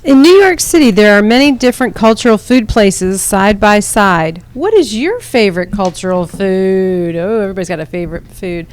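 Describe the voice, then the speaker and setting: A woman's voice: mid-range voice, expressive, moderate pace, hardly any pauses. A woman teacher leading a classroom book discussion, encouraging students and repeating their answers back to them. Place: school room with students.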